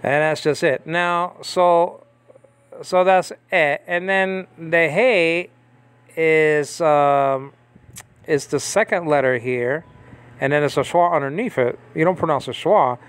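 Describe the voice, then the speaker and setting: A man with a fairly high voice teaches in a relaxed, chatty way, stopping often to ask if the listener is following. He reads from a screen as he goes, pausing and restarting mid-sentence. He speaks close to a desk mic, and the lesson never sounds scripted. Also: clear, resonant tone. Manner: conversational, checks in with frequent "okay?" and "you understand?"; pauses and restarts while reading text aloud from a screen. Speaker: Bible teacher. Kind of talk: casual Bible language lesson.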